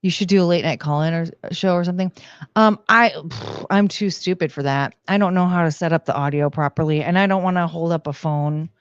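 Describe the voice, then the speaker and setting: A woman's voice: lowish voice, a little fast, clear, resonant tone, no echo, dull audio. A woman streaming from home into a desk mic, chatting casually and rambling with lots of "like" and "um". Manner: rambling, heavy use of "like" and "um". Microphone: desk microphone.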